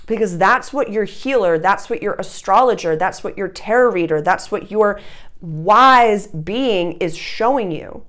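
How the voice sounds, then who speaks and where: A woman's voice: medium pitch, animated, unhurried, a bit bright. A woman spiritual coach giving an earnest, emphatic solo talk to her viewers, rambling from point to point.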